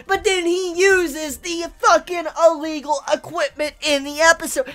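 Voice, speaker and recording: A woman reviewing anime in an angry rant, swearing and exasperated, swinging from low muttering to loud outbursts. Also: fairly quick, few pauses.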